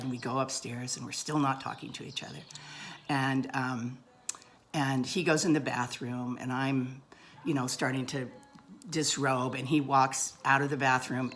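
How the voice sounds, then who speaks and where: Chatty low-voiced woman telling a story. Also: a bit bright. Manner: chatty, self-deprecating, laughs often. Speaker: vlogger. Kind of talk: casual personal storytelling.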